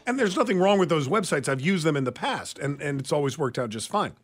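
A man's voice: a little high, big pitch swings, quick pace, slightly rough. A man co-hosting a talk radio show, chatting casually and opinionatedly, often stumbling over restarts.

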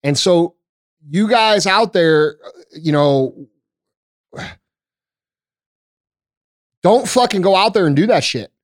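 A man's voice: sits high, animated, slow pace, long pauses. A man hosting a talk show, ranting in an emphatic, profane, frustrated way to the camera. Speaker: podcast host. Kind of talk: heated casual talk.

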